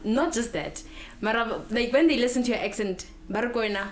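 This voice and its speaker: A young South African woman co-hosting a casual podcast chat, telling stories in an animated way. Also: on the high side, a little fast. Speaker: podcast co-host.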